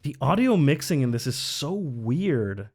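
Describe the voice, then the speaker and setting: A man's voice: medium pitch, sing-song, measured pace, a little mellow, slightly rough. A man streaming live, reacting to a video with incredulous, laughing commentary. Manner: incredulous, laughing between remarks.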